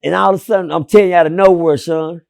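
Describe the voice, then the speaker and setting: A man with a high, gravelly voice tells a long story in an interview. He jumps between loud outbursts and hushed murmurs, swearing freely as he goes. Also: fairly even intonation, fast talker. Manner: swinging from loud shouts to low murmurs, profane. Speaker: interview guest. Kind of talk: animated storytelling.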